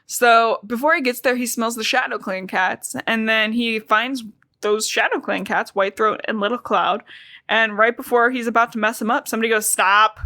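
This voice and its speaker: A young woman talks through a book recap on a podcast, casual and full of filler "like"s and wry asides. Her voice is bright and sits a little high. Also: steady tone, moderate pace, no room sound. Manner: chatty, heavy use of "like", jokey asides. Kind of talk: casual chat.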